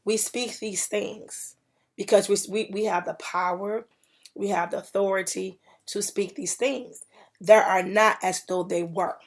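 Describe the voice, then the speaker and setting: Preachy woman with a gravelly edge. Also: medium pitch, steady tone, a little slow. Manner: preachy, repeats phrases for emphasis. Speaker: podcast host. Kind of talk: faith-based motivational podcast talk.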